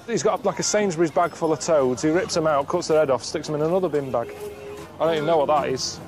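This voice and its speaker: A man giving bemused, deadpan commentary while he travels. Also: on the high side, fast. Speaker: travel show presenter. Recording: music under the voice.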